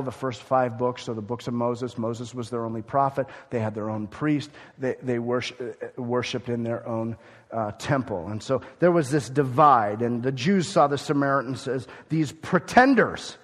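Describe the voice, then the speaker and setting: A man preaching a Bible sermon, animated and conversational, often acting out the people he quotes. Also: medium pitch, moderate pace, long reverb tail. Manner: animated, acts out quoted speakers.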